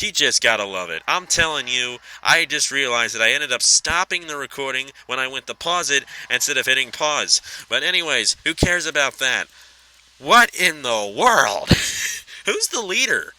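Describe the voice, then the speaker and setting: A man calling a sim racing event with excitable play-by-play, his voice climbing high in tense moments, then chatting through the replays. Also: normal speed, no echo, rough recording. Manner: excitable, pitch shooting up at close racing. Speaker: race commentator.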